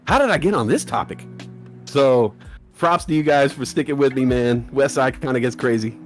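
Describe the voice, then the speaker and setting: A livestream host with a medium-pitched voice runs a live trading stream, joking with his chat and laughing a lot. He moves at a moderate pace between casual chat and a scripted channel read, with soft music playing behind him.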